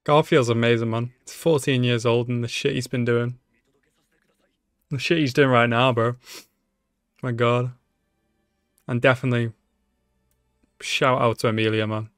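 A man's voice: medium pitch, steady tone, normal speed, long pauses, clear, resonant tone, no room sound, clean studio sound, faint music behind. A man giving emotional live reaction commentary on an anime, swearing freely and talking back to the screen. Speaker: anime reaction channel host.

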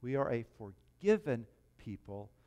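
A pastor preaching a sermon in a church, talking in an animated, emphatic way. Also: male voice, mid-range voice, a little slow. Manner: animated, emphatic, rising to stress points.

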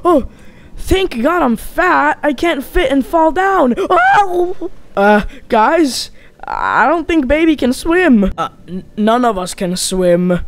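Lively goofy performer voicing a whole cast. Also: medium pitch. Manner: switches between many goofy character voices. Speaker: voice actor for all characters. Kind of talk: comedic machinima voice acting.

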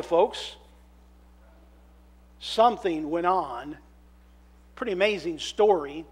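A man preaches in a church, his voice sitting high for a man. He drops to near-whispers on scripture, then bursts into loud, animated storytelling. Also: normal speed. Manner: dramatic shifts between hushed scripture reading and loud animated storytelling. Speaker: minister. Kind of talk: sermon reading and preaching. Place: church sanctuary.

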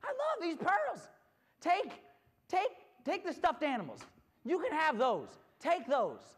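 A preacher voicing a little girl who begs to keep her treasure, repeating herself in a high, pleading voice. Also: huge pitch swings, slow pace, full character voice.

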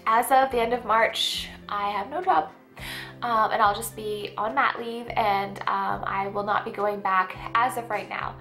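A woman's voice: on the high side, sharp tone. A young woman vlogging in a casual chat to camera, stuffy and out of breath, talking with lots of fillers. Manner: chatty, many fillers and likes.

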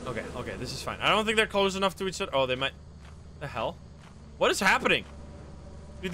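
A man streaming a co-op game with friends, chatting casually, swearing and exclaiming when things go wrong, then dropping to low mutters. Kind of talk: casual live game chat. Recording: noisy live stream audio.

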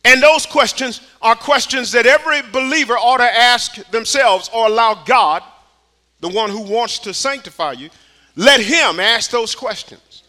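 Male pastor, high bright voice, sermon with hushed lows and shouted repeated questions, folksy phrasing. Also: a little slow. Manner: preaching with swings from hushed to shouted calls. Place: church sanctuary.

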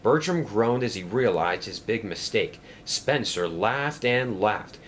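A man reads a children's train story aloud in an expressive way. His pitch rises and falls a lot. A faint ambience sits in the background. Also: slow, a little hiss or hum. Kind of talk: storybook narration.

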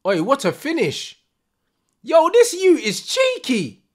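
A young man, reacting live to a football match with loud, slangy banter and frequent laughter. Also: extremely high pitch, huge pitch swings, slow.

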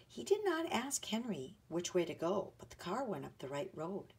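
A woman narrating a children's chapter book aloud in an expressive storytelling manner. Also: fairly low pitch, moderate pace, creaky, slightly rough.

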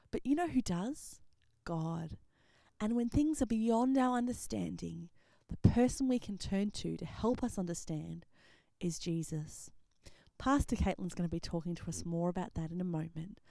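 A woman telling a Bible story to children, very expressive, dropping to whispers and rising to loud exclamations. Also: mid-range voice, gravelly, no room sound. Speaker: children's ministry presenter. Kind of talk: animated Bible storytelling for kids.

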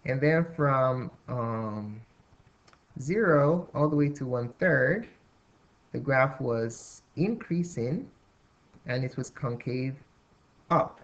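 A man teaching a calculus lesson at a whiteboard, thinking aloud with restarts and fillers. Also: medium pitch. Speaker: math teacher. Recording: dull lo-fi recording.

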